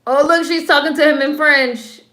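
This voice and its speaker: A woman's voice: high voice, fairly even intonation, normal speed, sharp tone, reverberant. A woman giving casual commentary while watching a film, chatty and wry, with slang asides. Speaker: film reaction vlogger.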